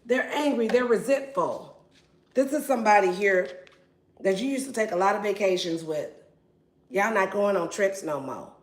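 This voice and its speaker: A woman's voice: mid-range voice, moderate pace. A woman giving a casual tarot reading in a brash, playful and profane way. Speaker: tarot reader. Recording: roomy echo.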